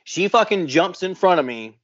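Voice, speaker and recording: A man's voice: high-pitched, expressive, moderate pace, fairly bright tone, no room sound. Man telling a profane, heated story. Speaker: podcast co-host. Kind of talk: casual storytelling. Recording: dull, muffled dry sound.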